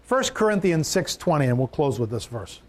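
A man preaching a sermon, emphatic, repeating key phrases and swinging his pitch for stress. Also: very animated, normal speed. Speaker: pastor.

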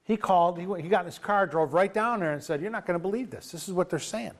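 A man's voice: high voice, fast talker. A man preaching a sermon, retelling a story in a loose conversational way and acting out the quoted dialogue. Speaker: pastor.

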